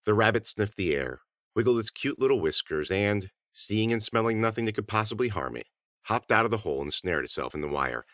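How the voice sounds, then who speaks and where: A man reading scripted audiobook narration in animated, clipped sentences. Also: fairly low pitch, a little fast, no room sound, studio quality.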